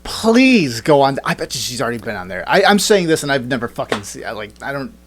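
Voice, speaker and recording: Profane wisecracking man, lively delivery. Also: medium pitch, quick pace. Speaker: podcast co-host. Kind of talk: casual chat.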